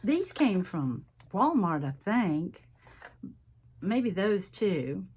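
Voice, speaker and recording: A woman's voice: medium pitch, very animated, extremely slow, darkish tone, a little hiss or hum. A middle-aged woman, chatting folksily to viewers as she crafts at home and rambling between stories. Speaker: craft vlogger.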